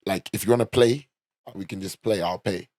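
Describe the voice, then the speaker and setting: A man's voice: deep voice, normal speed, a little mellow, no echo, clean studio sound. A young man from London with a London accent, hosting a podcast and telling a casual, swearing story full of "like" and "you know". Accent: London English. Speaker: podcast host.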